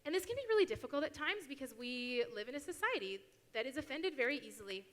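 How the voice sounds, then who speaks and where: Bright young woman preaching in a hall. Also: sits high, fast talker, a little hiss or hum. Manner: casual and animated, acts out quotes. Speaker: youth speaker at church. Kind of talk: sermon talk. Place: church hall. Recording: long hall reverb.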